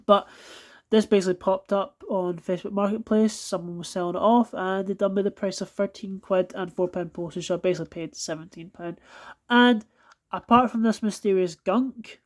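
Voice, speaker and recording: A Scottish woman films a casual unboxing vlog at home on a carpeted floor, reviewing die-cast cars as a toy collector. She swears a lot out of exasperation and apologizes as she goes, her medium-pitched voice a little mellow, fairly even in intonation, and moderately paced.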